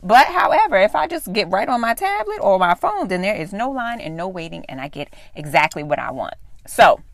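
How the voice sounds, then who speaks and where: Animated, profane woman telling a story. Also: mid-range voice, brisk. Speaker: podcast host. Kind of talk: casual storytelling monologue.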